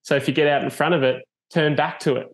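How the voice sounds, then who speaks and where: A man hosting a casual chat as a foil coach, telling stories in a relaxed way with plenty of fillers. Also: fairly high pitch, fast. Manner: laid-back, storytelling with many fillers.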